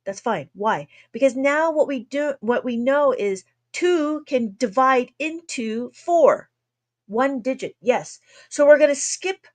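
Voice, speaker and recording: A woman teaching long division on an abacus in a chatty livestream lesson, laughing often and trying to slow her usually fast talk. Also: high voice, lively intonation.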